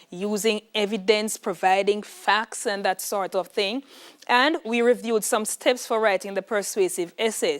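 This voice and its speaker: A woman with a Jamaican accent teaching an exam prep lesson in an emphatic, instructive way, checking in with "all right". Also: on the high side. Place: classroom.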